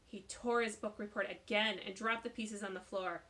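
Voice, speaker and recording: A woman reading a children's novel aloud with expressive voices. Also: mid-range voice, normal speed. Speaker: storybook reader.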